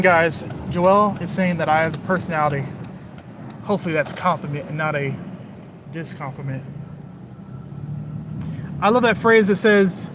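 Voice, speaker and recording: Against a noisy background, a man with a voice on the high side chats with his live-stream viewers while driving through town. His talk is rambling, jokey and nonstop, addressed to the chat.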